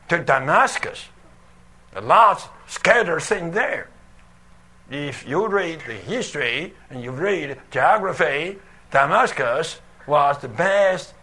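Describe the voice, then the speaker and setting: A man preaching a sermon, telling a Bible story slowly and emphatically, with dramatic swings in his delivery. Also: on the high side, pushed and bright.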